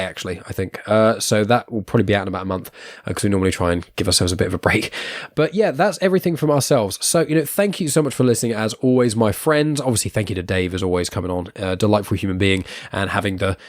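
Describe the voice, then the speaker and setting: Chatty guy hosting a podcast, lowish voice, laughs a lot, dry sound. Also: quick pace, dry recording. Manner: chatty, upbeat, laughs often. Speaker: podcast host. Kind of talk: casual podcast chat.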